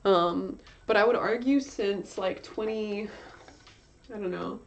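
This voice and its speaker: While drawing live on stream, a young woman rambles casually, using lots of fillers and fixing her words mid-sentence. She speaks slowly at a medium pitch. The lo-fi audio is slightly dull, with slight background noise.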